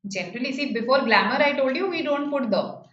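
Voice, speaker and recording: A woman with an Indian English accent, her voice fairly high, explains grammar patiently, repeating key phrases and checking in with "right?". The sound is slightly muffled and roomy, with a faint hiss behind her. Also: expressive, a little fast, fairly bright tone. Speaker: teacher. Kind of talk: online grammar lesson.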